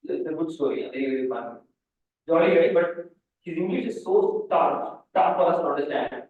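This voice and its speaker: High-voiced man lecturing in echoey hall. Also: lively intonation, normal speed. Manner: rambling, restarts sentences, asides to students. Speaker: mathematics lecturer. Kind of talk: conference lecture with anecdotes. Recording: echoey hall, far mic, phone-like band.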